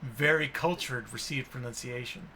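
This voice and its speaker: A man's voice: medium pitch, normal speed, a little hiss or hum. A man hosting a podcast, enthusiastically retelling and discussing a film in casual chat. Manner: enthusiastic, animated retelling with acted-out quotes. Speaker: podcast host.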